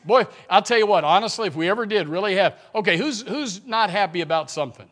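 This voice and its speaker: A middle-aged man preaching a sermon in a church, animated, acting out grumbling voices and calling out to the congregation. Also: sits high, quick pace, hardly any pauses. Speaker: pastor. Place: church sanctuary.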